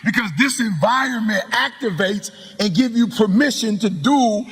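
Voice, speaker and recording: A middle-aged man from Detroit preaches motivation from a summit stage, rising into shouts and repeated phrases. His voice sits high and bright with a husky edge. A long hall reverb trails every word. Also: normal speed. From Detroit, USA. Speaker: motivational speaker. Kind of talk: live motivational speech.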